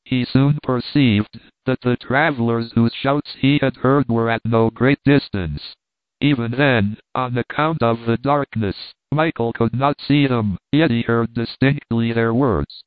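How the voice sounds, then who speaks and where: Brief: male audiobook reader, measured narration; dry, lo-fi phone-band sound. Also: mid-range voice, no echo. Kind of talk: scripted narration.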